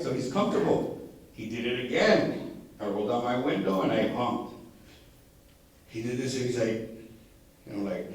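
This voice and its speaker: Casting: man, mid pitch, easygoing storyteller presenting to parents, heavy room echo. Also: a little slow, pauses often. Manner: storytelling, acting out quoted speech. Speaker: drug prevention presenter. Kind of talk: informal school presentation.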